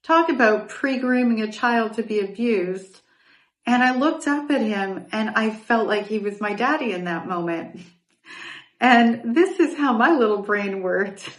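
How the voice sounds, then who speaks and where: A woman podcast host with a fairly high voice tells her personal story in a candid, reflective monologue, correcting herself and adding asides. She's animated yet a little slow. The mic is distant and the sound is echoey.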